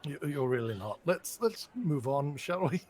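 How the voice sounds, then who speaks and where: A man's voice: a little high, big pitch swings, normal speed, noisy background. A man speaking in character in a tabletop game, hesitant and stammering. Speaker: player.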